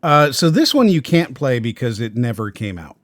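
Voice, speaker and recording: A man's voice: medium pitch, very animated, normal speed, no echo. A man hosting a casual podcast, wry and teasing, trailing off as he thinks aloud. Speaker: podcast host.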